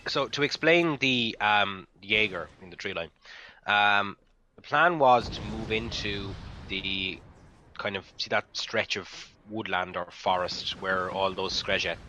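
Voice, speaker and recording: A man's voice: lowish voice, measured pace, bright, forceful tone, a little hiss or hum, low-quality recording. A man hosting a casual game replay commentary, rambling with many ums and restarts. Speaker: gaming channel host.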